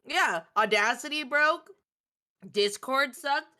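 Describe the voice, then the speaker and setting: A woman with a high, bright voice, speaking slowly in casual, blunt podcast chat. She sounds like she is joining over a remote call.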